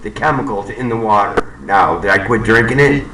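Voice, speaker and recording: A man's voice: fairly low pitch, animated, moderate pace, roomy sound, distant mic, background noise. A man ranting angrily to camera, swearing and repeating himself, in a profane monologue. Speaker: vlogger. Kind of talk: profane conspiracy rant to camera.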